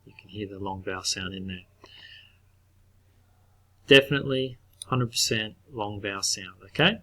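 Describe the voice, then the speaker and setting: A middle-aged male teacher giving a recorded spelling lesson to children, patient, repeating each word slowly and clearly. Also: lowish voice, sharp tone, low-quality recording.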